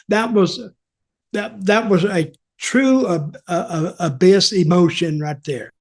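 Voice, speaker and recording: An older man spins a casual story, his voice sitting fairly high. He retells conversations animatedly, acting out the quotes and chuckling as he goes. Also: animated, moderate pace. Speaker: storyteller and show guest.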